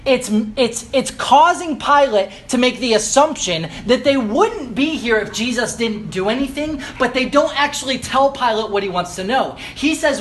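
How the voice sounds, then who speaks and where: A man preaching a sermon, earnest and explanatory, slowing down to stress key phrases and building emphasis. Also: very high-pitched, animated, a bit bright, slight background noise.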